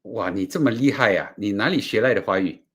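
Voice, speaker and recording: A man from Singapore with a Singaporean accent, chatting casually and playfully in loose, halting phrasing. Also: on the low side, a bit bright, slightly rough. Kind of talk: casual chat with a voice assistant.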